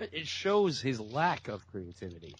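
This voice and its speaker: A man's voice: medium pitch, wildly swooping pitch, measured pace, crowd noise, rough recording. A man with a cold, rambling and laughing in casual podcast chat. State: has a cold. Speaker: podcast co-host.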